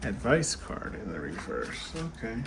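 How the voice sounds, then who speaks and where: A man's voice: lowish voice, unhurried, creaky. A tired man hosting a casual tarot card reading, chatting straight to viewers with lots of fillers. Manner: chatty, many fillers, talks to viewers directly. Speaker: tarot card reader and channel host. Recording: steady background noise.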